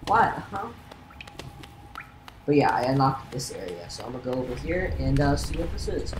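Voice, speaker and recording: Woman let's-play host, very deep voice, rambling and self-mocking, in a roomy room with background noise. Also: lively intonation, moderate pace. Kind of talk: casual gameplay commentary.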